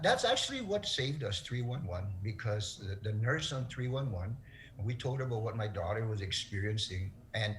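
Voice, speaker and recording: A middle-aged man speaking as an interview guest, telling a personal story in an earnest, halting way, his voice breaking with emotion. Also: fairly low pitch, slight background noise.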